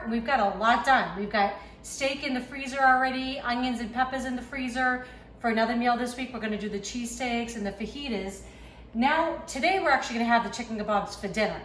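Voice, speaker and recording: A woman with a Boston accent, a home cook chatting casually through a cooking demonstration in her kitchen, with self-deprecating asides. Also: a little high. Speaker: home cook, channel host. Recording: echoey kitchen with faint background noise.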